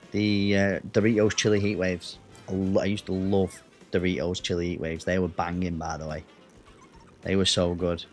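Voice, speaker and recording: A man with an English accent chatting casually with his viewers as a gaming streamer, rambling and answering the chat. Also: deep voice.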